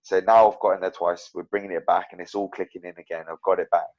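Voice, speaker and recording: A man's voice: low-pitched, quick pace. A young man and professional fighter, talking casually as a guest, rambling with lots of fillers and restarts. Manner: rambling, full of fillers and restarts, animated storytelling. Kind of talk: casual interview chat. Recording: dull lo-fi podcast audio.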